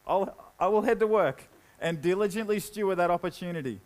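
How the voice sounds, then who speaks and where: A young man preaching a sermon in a casual, conversational way, dropping low and quiet when he reads scripture. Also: fairly quick, rough recording. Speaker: pastor.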